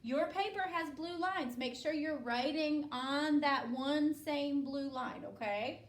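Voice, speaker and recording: A woman's voice: high voice, slow pace. A woman teacher leading a spelling lesson, patient and instructive, checking in with "okay?" after each step. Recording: echoey room, voice from a distance.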